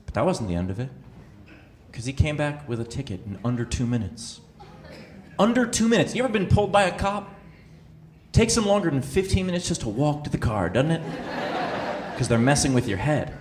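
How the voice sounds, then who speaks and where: A man's voice: a little high, animated, fairly quick, pauses often, darkish tone. A man doing a stand-up comedy set, telling a story with sarcastic, incredulous asides. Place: live comedy venue with audience. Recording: echoey venue with audience noise.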